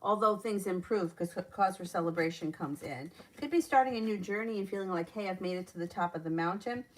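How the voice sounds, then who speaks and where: A woman's voice: medium pitch, animated, fairly quick, a little hiss or hum. A woman reading viewers' questions aloud and answering them as a tarot reader on a live stream, chatting and laughing between readings.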